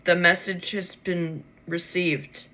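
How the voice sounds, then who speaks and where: A woman's voice: on the low side, steady tone, slow pace, pushed and bright, slight background noise. A tired woman rambling to herself late at night as she pulls tarot cards, swearing freely and yawning. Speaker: tarot reader.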